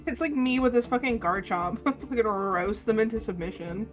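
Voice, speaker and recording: A woman with a high-pitched voice talking casually with her tabletop game group. She is excitable and swears freely as she jokes around. Her tone is loose and unfiltered, typical of friends bantering. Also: a little fast, muffled recording, faint music behind. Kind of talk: casual chat on a game stream.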